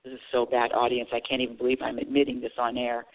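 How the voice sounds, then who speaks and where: A woman's voice: rumbling low, fast. A woman hosting a spiritual talk radio show, telling a story straight to her audience with lots of restarts and repeated words. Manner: animated storytelling, addresses audience directly. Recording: narrow phone-like radio sound.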